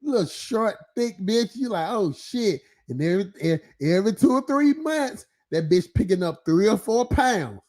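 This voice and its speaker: Stream host, male, high-pitched, loose profane ranting monologue, laughs a lot, heavy filler. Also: lively intonation, normal speed, hardly any pauses, darkish tone.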